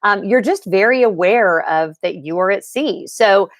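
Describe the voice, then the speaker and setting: A woman's voice: medium pitch, expressive, measured pace, no echo, studio quality. A woman hosting a casual livestream from her home computer, chatting loosely with viewers and greeting them by name as she talks. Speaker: livestream host.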